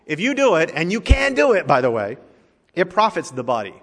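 A man's voice: on the high side, wildly swooping pitch, a little fast, fairly bright tone. A male pastor preaching a sermon in a conversational, joking way, in a church sanctuary. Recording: long reverb of a large hall.

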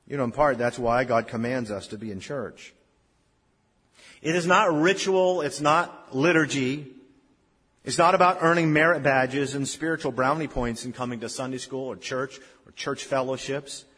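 Husky-voiced preacher in a reverberant church. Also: male voice, mid-range voice, a little slow. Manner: storytelling preacher, swings from loud emphasis to hushed. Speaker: pastor. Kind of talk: sermon. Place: church sanctuary. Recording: long reverb of a church hall.

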